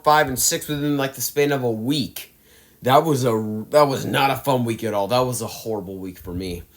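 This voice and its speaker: A young man talking casually as he ranks movies, ranting with emphatic exasperation and sighs. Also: lowish voice. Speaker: movie reviewer. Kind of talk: casual ranking monologue.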